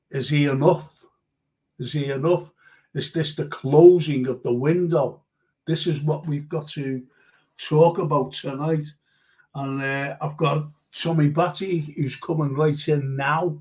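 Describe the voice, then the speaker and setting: A man hosting a live fan show in casual chat, talking warmly with guests, laughing often and reading viewer comments aloud. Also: on the high side. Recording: muffled lo-fi live-stream audio.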